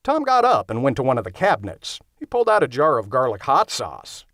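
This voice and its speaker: A man's voice: medium pitch, wildly swooping pitch, a little fast, a bit bright, no room sound, studio quality. A man narrating a horror-comedy audiobook in the first person, with a wry, conversational delivery.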